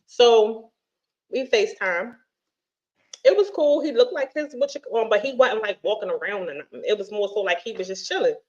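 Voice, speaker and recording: A middle-aged woman hosting a casual chat, telling a story in an animated, profane way and acting out the dialogue. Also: mid-range voice, normal speed. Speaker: host. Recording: dull lo-fi stream audio.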